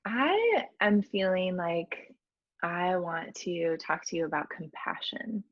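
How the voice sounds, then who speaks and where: A woman hosting a podcast in a casual, reflective way, warmly affirming her guest. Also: on the low side, expressive, takes it slowly, no echo, highs cut off. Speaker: podcast host. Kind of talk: casual conversational interview.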